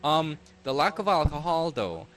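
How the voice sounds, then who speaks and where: A man runs a tabletop game as game master, narrating in a relaxed, wry way. His voice swings up and down with plenty of life, and he often trails off and starts again. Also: on the high side, moderate pace.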